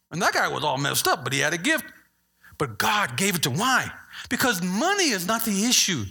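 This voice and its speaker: A male pastor preaches with a lively, swooping delivery, his voice sitting high and bright. There is a husky grain to his tone as he jokes with the congregation and then presses his point. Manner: animated preaching, playful asides to the congregation. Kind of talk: sermon.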